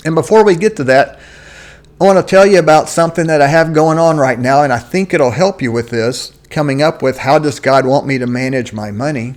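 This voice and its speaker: A man with a slightly raised pitch teaches in a casual, conversational way. He sometimes restarts a phrase while searching for a word. His tone is plain and direct. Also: animated, normal speed. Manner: conversational, acts out quoted voices with rising pitch; occasional restarts and searching for words. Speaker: Christian finance teacher. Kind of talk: casual solo teaching talk.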